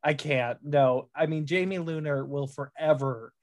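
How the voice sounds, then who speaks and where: A man's voice: fairly high pitch, steady tone, a little slow. A man hosting a casual podcast chat, laughing often and moving things along with questions for his co-hosts. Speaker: podcast host.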